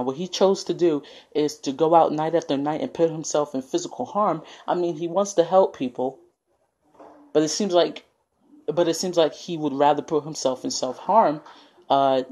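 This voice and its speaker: An online video host gives a casual scene-by-scene recap of a film, rambling off on tangents and using lots of fillers. His voice is a little high with a darkish tone.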